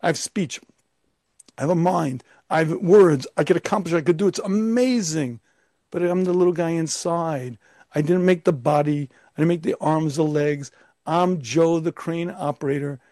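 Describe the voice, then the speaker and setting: A man's voice: fairly high pitch, normal speed, warm tone, no room sound. A man giving an emphatic Torah lecture as a rabbi, firing off rhetorical questions and now and then putting on a pompous, arrogant voice.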